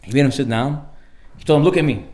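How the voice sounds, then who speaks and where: A man teaches Torah at a quick clip, his voice a little high. He jumps into the parts of the people in his stories, sometimes shouting. His voice rings in an echoey room. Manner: animated storyteller, acts out characters with sudden loud outbursts; sprinkles Hebrew and Aramaic terms into casual English. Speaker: rabbi giving a Torah class. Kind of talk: lively informal Torah lecture.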